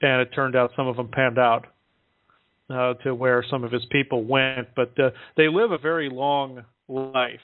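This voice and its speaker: A man talking casually on a call-in show, halting often with fillers as he relays what he is told. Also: medium pitch, fairly even intonation, no echo. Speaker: guest relaying contact reports. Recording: dry tinny phone line.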